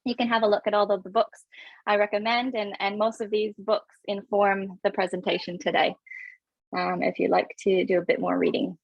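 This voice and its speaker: Gravelly-voiced woman presenting a parenting webinar. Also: medium pitch, level tone, no room sound, highs cut off. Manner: fast, filler-heavy, friendly instructive. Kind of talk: casual webinar talk.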